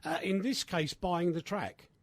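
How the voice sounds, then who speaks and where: A man hosting a casual radio chat, animated and chatty with many fillers. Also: high voice, unhurried, no echo. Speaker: radio host.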